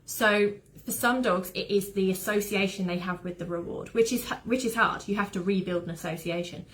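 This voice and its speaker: A woman's voice: medium pitch, fairly quick, few pauses, a bit bright. A woman who trains dogs, giving an informal, rambling online talk full of anecdotes. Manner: chatty, rambling, fond of anecdotes. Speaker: dog behaviour trainer.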